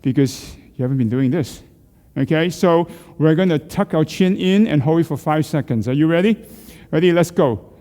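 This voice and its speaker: A middle-aged man coaches a group through neck exercises in a church hall, asking questions and trading jokes. His warm voice is on the high side and animated, moving at normal speed with few pauses, and a long reverb tail follows it.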